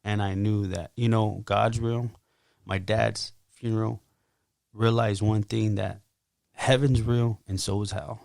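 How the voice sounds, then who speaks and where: Guest: gravelly man, mid pitch, dry close sound, animated testimony. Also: unhurried, no echo. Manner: animated, acts out his own quotes loudly. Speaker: podcast guest. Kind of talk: casual testimony.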